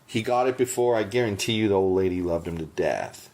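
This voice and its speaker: A man's voice: fairly low pitch, fairly quick, a little mellow. A man co-hosting a podcast in casual chat, emphatic and teasing. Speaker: podcast co-host.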